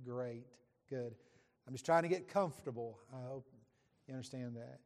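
Middle-aged man, visiting preacher; folksy, joking with the congregation; mid pitch, reverberant sanctuary. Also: moderate pace, darkish tone. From West Virginia, USA. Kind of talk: sermon introduction from the pulpit. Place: church sanctuary. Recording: long church hall reverb.

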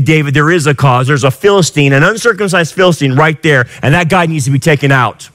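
A middle-aged male pastor preaching a sermon with passion, swinging from quiet lines to shouted ones. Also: on the high side, fairly quick, few pauses.

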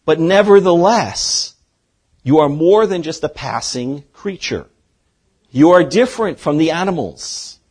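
A man preaching an expository sermon as a pastor, earnest, dropping from loud to hushed for emphasis. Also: fairly high pitch, animated, measured pace, breathy edge.

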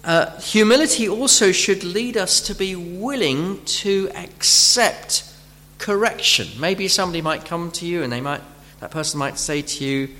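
Guy preaching a sermon, keeps repeating words, voice sits kinda high, echoey hall. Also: bright, forceful tone. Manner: halting, repeats words while searching for phrasing; acts out imagined speakers in the middle of teaching. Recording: long hall reverb.

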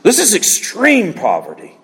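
A man preaching in a high, animated voice that leaps and dips from phrase to phrase. He leans on single words and repeats them for weight. A long hall reverb trails behind him. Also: unhurried, gravelly, slightly rough. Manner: emphatic preaching, repeats key words for effect. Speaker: pastor. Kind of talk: sermon.

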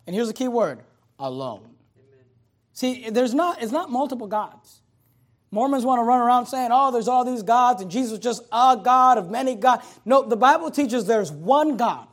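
A man preaching a sermon who swings between loud, emphatic passages and quiet asides, putting scripture into casual everyday words. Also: very high voice, lively intonation, fairly quick. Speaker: pastor.

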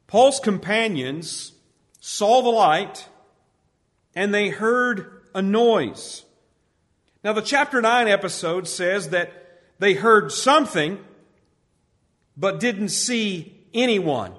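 A male pastor preaching a sermon with emphatic, drawn-out stresses, dropping his voice low when he quotes scripture, recorded in a church sanctuary. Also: animated, a bit bright. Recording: church hall with long reverb.

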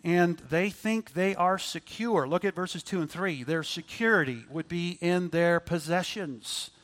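A man preaching a sermon, moving between loud emphatic lines and quiet asides. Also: sits high, a little slow.

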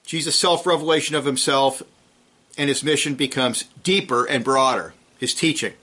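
A man preaching an expository sermon, reading scripture and explaining Greek words in a measured way. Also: mid-range voice, sharp tone.

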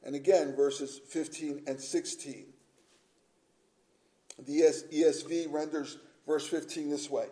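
A pastor preaching an earnest sermon, stressing each point with repeated phrases and slowing down to read scripture aloud. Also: male voice, fairly high pitch, fairly even intonation, mellow, poor audio.

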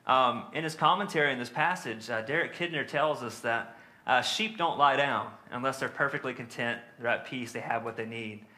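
A man's voice: mid-range voice, moderate pace, sharp tone. A man preaching a sermon in a conversational teaching manner, with frequent fillers and tag questions.

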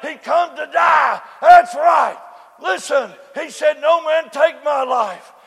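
A man preaches in a very high, gravelly voice, drawing out his words slowly. He shouts his lines, then drops to a low, quiet storytelling tone. The sound carries the long echo of a church hall, with a faint congregation behind him. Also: some chatter behind. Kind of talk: sermon.

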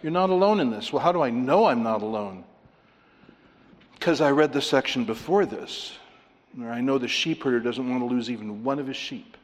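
A man's voice: mid-range voice, animated, moderate pace. A male pastor preaching to a congregation in a conversational, emphatic way. He poses rhetorical questions and lets out small chuckles. His voice carries a long reverb, as if in a large hall. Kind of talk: sermon.

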